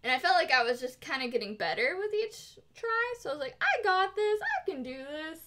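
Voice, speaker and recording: A young woman streaming while she crafts, telling a story in a casual, animated way with lots of fillers and giggles. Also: high-pitched, fairly quick. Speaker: cosplay streamer.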